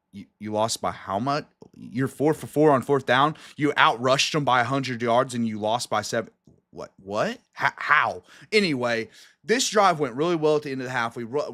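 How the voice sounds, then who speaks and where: A young man co-hosting a casual sports podcast, emotional and exclamatory as he breaks down a loss. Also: fairly bright tone. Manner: emotional, exclamatory, swinging up and down in pitch. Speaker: co-host.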